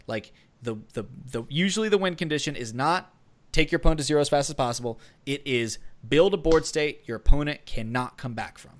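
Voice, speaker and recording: Speaking briskly in a slightly high voice, a man co-hosting a gaming podcast gives laid-back strategy pointers. His delivery wanders, packed with fillers and false starts.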